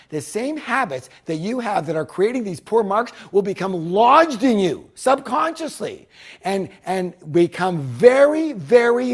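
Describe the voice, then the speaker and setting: Animated middle-aged male motivational speaker. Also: fairly high pitch, slightly rough. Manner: emphatic, swings between loud punches and hushed lines. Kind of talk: motivational speech.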